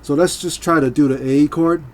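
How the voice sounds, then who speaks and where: A man's voice: fairly high pitch, fairly even intonation, moderate pace. A man teaching a guitar part in a casual, hesitant way, with many fillers and beats counted aloud. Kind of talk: casual instructional talk. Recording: loud guitar playing behind. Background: guitar playing.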